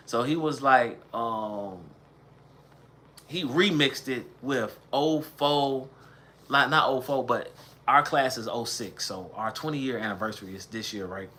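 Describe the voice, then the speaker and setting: Southern man in his thirties, livestream storyteller, casual and rambling, bright and tense in the voice. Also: medium pitch, moderate pace, a little hiss or hum. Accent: Southern US, light. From American South. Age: 30s. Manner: rambling, conversational, with chanted bits of old raps. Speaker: musician telling his story.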